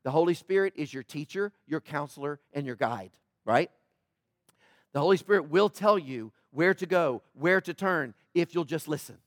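High-voiced pastor preaching conversationally. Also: male voice, lively intonation, normal speed, no echo, clean studio sound. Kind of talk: sermon. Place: church.

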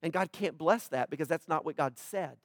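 A man's voice: on the high side, brisk, no echo, studio quality. A man preaching a sermon in a conversational way, asking the congregation questions and pressing his points harder as he goes. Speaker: pastor.

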